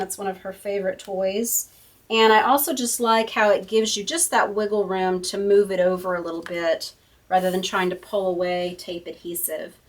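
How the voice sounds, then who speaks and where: A woman's voice: mid-range voice, distant mic. A woman hosting a casual card-making tutorial at her craft table, chatty and thinking aloud as she works. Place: home craft room.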